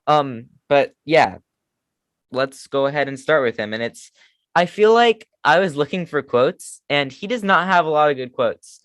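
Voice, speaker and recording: A man's voice: on the high side, expressive, a little slow, fairly bright tone, no room sound, studio quality. A man co-hosting a casual fan podcast, chatting enthusiastically and poking fun at himself. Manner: enthusiastic fan talk, self-deprecating. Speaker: podcast co-host. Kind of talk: casual chat.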